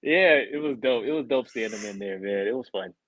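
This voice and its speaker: A man co-hosting a podcast, telling a rambling story in a casual way and acting out the people he quotes in a higher voice. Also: a little fast, a crowd in the background, poor audio. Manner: animated, acts out quoted people in a raised voice. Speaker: podcast co-host.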